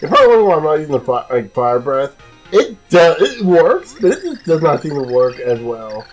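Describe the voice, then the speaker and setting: Husky, animated let's play commentator. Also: mid-range voice, a little fast, faint music behind, rough recording. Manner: rambling, self-mocking, chatty. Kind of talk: casual gameplay commentary.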